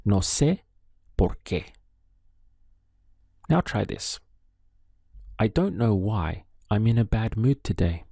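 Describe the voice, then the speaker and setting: A male teacher guides learners through a language lesson in an unhurried, deliberate way. His voice sits low and dark, and he leaves pauses for the listener to answer. The sound is dry and close. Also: sing-song, creaky, dry recording. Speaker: Spanish teacher. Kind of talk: slow spoken language lesson.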